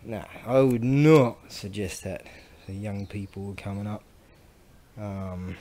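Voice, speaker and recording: A man's voice: on the low side, unhurried, dark tone. A man rambling casually to the camera while working with tools, crude and joking, with mumbled asides. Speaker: vlogger selling Japanese goods.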